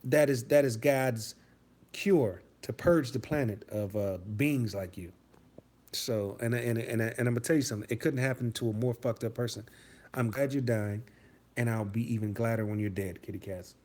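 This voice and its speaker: A man's voice: medium pitch, moderate pace, darkish tone. Profane, rambling man chatting on a stream. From Detroit, USA. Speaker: livestreamer reading chat. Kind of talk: casual live-stream chat.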